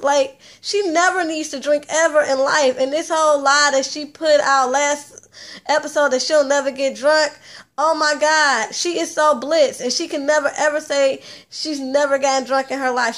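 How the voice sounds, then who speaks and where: A woman with a high voice recaps a reality show in a loose, casual way. She is chatty and blunt and swears freely. She talks straight at her audience. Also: fairly bright tone. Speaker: TV recap host.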